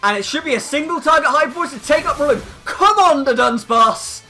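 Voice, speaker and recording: A man giving excitable live commentary over his own competitive video game battle. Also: very high-pitched, fairly quick, faint music behind. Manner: excitable, hyping up big plays.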